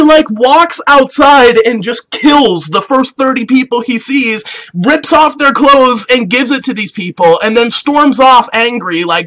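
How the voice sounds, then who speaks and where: Young guy, high and bright, slangy comic storyteller who acts out his characters. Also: low-quality recording. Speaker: comedic storyteller. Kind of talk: casual comedic retelling.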